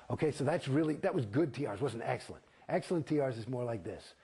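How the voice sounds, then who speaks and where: A man's voice: medium pitch, animated, fairly quick, mellow. A man telling his story in an interview, blunt and profane, rambling through false starts. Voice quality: gravelly, husky voice.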